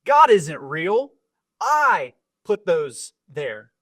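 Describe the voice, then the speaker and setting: A man's voice: sits high, very animated, very slow, a bit bright, dry recording, clean studio sound, full character voice. A man voicing a smug, pushy male neighbor who is emphatic and exasperated.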